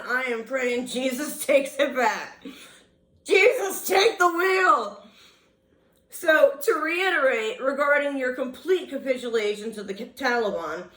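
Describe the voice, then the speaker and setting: A woman speaking slowly and deliberately in a somewhat high voice, delivering a scathing, sarcastic rant. Her words ring with a noticeable room echo. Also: a bit bright. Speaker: vlogger. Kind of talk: ranting political monologue. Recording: roomy echo.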